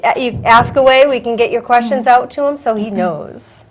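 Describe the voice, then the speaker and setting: A woman hosts a casual talk show, chatting freely and laughing often. Her voice sits a little high, and she coughs now and then. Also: moderate pace. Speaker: host.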